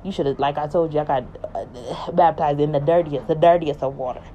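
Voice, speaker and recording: A woman with a low, mellow voice rambles through a casual spiritual monologue, leaning hard on her points and repeating them. The recording sounds slightly dull, with faint ambience behind her. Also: a little fast, a little hiss or hum. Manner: rambling, emphatic, repeats herself.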